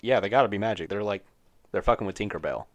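A man's voice: fairly low pitch, fast talker, lo-fi sound. Young man joking on a podcast. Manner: joking, crude, laughs often. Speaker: podcast co-host. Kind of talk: casual podcast banter.

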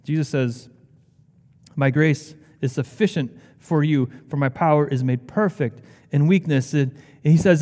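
A man's voice: measured pace, a little mellow. A man preaching a sermon as pastor, reading scripture with rising, impassioned emphasis. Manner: impassioned, rising in pitch when quoting scripture. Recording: long hall reverb.

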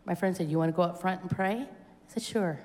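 This woman has a lowish, slightly mellow voice and talks a little fast. Her church-service testimony includes acted-out dialogue and swells into fervent exclamations, recorded in an echoey hall with long reverb.

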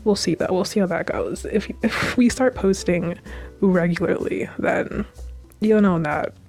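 A young woman's TV-series recap podcast, made on a home mic, is casual and rambling, full of fillers and gushing tangents. Her fairly low, slightly mellow voice keeps a measured pace, with soft music behind it.

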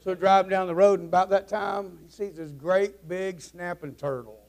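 Gravelly high-voiced pastor. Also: male voice, normal speed, hardly any pauses, darkish tone. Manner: folksy, rambling storyteller with restarts. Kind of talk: joke-telling before a sermon. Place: church sanctuary.

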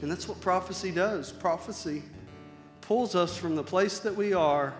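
Male pastor, fairly high voice, casual preaching that swells loud then drops soft, church hall reverb with faint music underneath. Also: normal speed. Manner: conversational preaching, swings between loud emphasis and soft near-whispers. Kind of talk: sermon.

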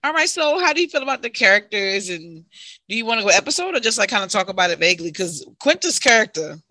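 A woman co-hosting a casual chat, animated and quick to laugh. Her voice is bright and forceful, recorded dry and close. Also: medium pitch, dry recording. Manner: chatty, animated, laughs often. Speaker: co-host.

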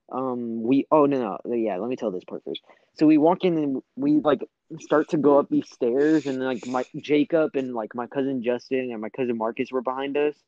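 A man's voice: medium pitch, no echo, dull audio. A young man telling a long story in casual chat, rambling with lots of fillers and swearing.

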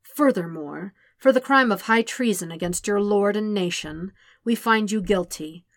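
A woman's voice: mid-range voice, measured pace, no room sound, clean studio sound, natural voice. A woman voicing a smug, gloating male naval commander in an audiobook reading of fan fiction.

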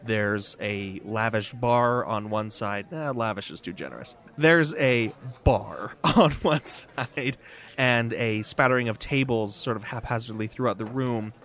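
A man's voice: fairly low pitch, unhurried, a bit bright. Casual male game master, easygoing, loose narration with fillers. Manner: casual, rambling, with fillers and laughs.

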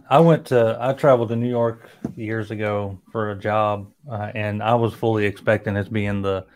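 A man with a Southern US accent, slow-talking and joking in casual podcast chat. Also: on the low side, fairly even intonation, darkish tone, slight background noise. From American South. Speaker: podcast co-host.

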